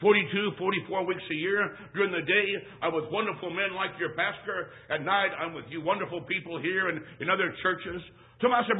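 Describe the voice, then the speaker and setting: Folksy evangelist, male, high voice, emphatic storyteller; lo-fi, phone-like recording. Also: brisk. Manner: folksy, emphatic, swings from hushed to shouting. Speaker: traveling evangelist. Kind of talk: storytelling sermon. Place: church service. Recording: tinny phone-like sound.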